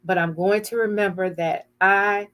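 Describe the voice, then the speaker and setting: A woman's voice: mid-range voice, fairly even intonation, moderate pace, a bit bright. An older woman hosting an inspirational broadcast, giving a heartfelt, earnest devotional talk and sometimes searching for words.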